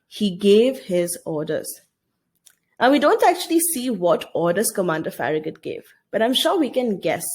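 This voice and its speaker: A woman's voice: medium pitch, big pitch swings, fairly quick, hardly any pauses, breathy edge. A woman teacher giving a recorded video lesson, reading a story aloud and explaining it, often asking her students questions.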